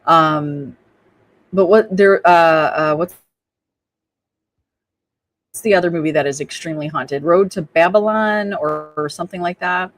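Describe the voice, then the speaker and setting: A woman's voice: fairly low pitch, unhurried, long pauses. A woman co-hosting a paranormal trivia stream, chatting casually and reading out questions to viewers in an upbeat way. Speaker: co-host of a paranormal trivia show.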